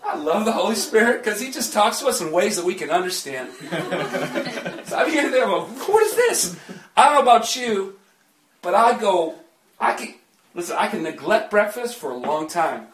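A man's voice: high voice, animated, normal speed, noisy background. A man preaching a sermon in a chatty way, often laughing and joking with the congregation in a church. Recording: echoey church from a distant mic.

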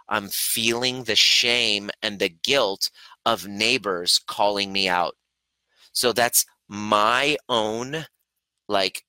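A man's voice: fairly low pitch, sharp tone, dry recording, low-quality recording. A man hosting a live Q&A, earnestly coaching viewers and acting out his own inner voice. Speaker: host, breathwork and trigger coach. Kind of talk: live-streamed Q&A teaching.

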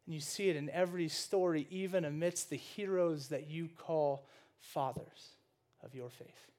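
A man preaching with a fairly high voice, talking to his congregation in a loose, conversational way. He steps in and out of acted dialogue, restarting phrases as he builds his point. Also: measured pace. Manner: animated, conversational, with frequent restarts and asides.

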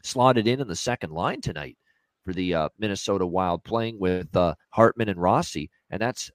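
A man's voice: sits low, dry recording. A man hosting a sports betting show, talking casually with many fillers. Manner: quick, chatty, many fillers. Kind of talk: casual betting analysis chat.

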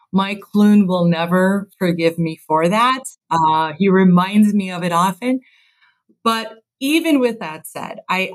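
A woman's voice: fairly low pitch, poor audio. A woman in her fifties from Chicago, a construction executive telling stories in an interview, earnest and reflective, laughing at herself. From Chicago, USA. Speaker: construction executive, podcast guest. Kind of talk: casual interview storytelling.

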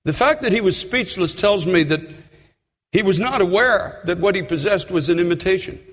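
A man with a very high voice preaches with fervor, pressing his listeners with repeated questions and rising to shouts. His words ring out with the long reverb of a big hall. It sounds like a pulpit recording in a church. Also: moderate pace. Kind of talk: sermon.

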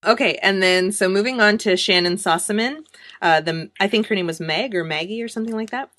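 A woman co-hosting a podcast, chatting casually with a bright, forward tone. She is playful and laughs often. The sound is dry and close. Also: medium pitch, brisk, no room sound. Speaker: podcast co-host. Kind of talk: casual chat.

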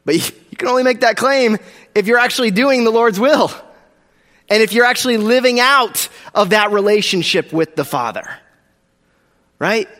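High-voiced man preaching in a hall. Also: lively intonation, moderate pace, fairly bright tone. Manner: casual, emphatic preaching with slangy asides. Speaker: pastor. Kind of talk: sermon.

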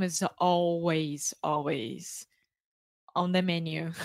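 A woman's voice: lowish voice, extremely slow, gravelly, no room sound, clean studio sound. A woman from Brazil with a Rio de Janeiro accent, a native Portuguese speaker, chatting casually in English and laughing often. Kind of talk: casual chat.

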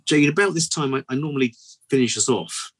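A man co-hosting a podcast, chatting casually and telling a long joke in a lively way, with many restarts. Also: mid-range voice, a little fast, husky, poor audio. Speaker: podcast co-host.

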